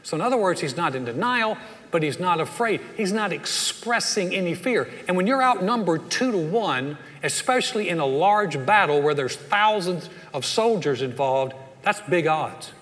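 A man's voice: high-pitched, lively intonation, moderate pace, a bit bright, long reverb tail. A man preaching a sermon, retelling a Bible story in a folksy way and acting out the characters' lines. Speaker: pastor.

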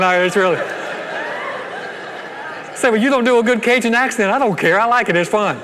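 A man's voice: sits high, pushed and bright, big-room sound, a little hiss or hum. A man in his sixties preaching a sermon, folksy and storytelling, with frequent stammered repeats. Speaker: pastor.

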